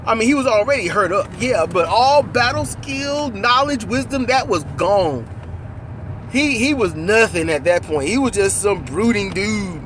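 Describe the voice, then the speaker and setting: Guy talking movies in the car, high voice that bounces all over, swears a lot, road hum behind. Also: measured pace. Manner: animated, profane, acts out lines. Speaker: co-host. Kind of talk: casual movie chat. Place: in a car while driving.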